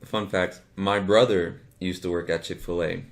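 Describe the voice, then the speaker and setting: Laid-back young man, low voice. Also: fairly even intonation, moderate pace, gravelly. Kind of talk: casual chat.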